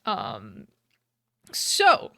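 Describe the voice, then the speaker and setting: Slow-talking bright-voiced woman, giggly. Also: no echo, clean studio sound. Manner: rambling, giggly, full of fillers and restarts. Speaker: podcast co-host. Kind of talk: casual chat, retelling a game's plot. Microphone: podcast microphone.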